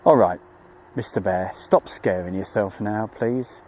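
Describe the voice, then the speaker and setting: A man's voice: on the low side, unhurried, mellow, a little hiss or hum. A man hosting a live plane-spotting stream, chatting jokily and reading out viewer messages. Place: outdoors at an airfield.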